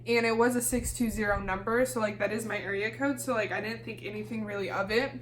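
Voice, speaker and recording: A young woman from Kansas telling a storytime vlog in a lively, casual way, swearing freely and acting out the dialogue. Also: mid-range voice, fast, slight background noise. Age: young adult. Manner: animated, swears freely, acts out quoted dialogue. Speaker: YouTuber.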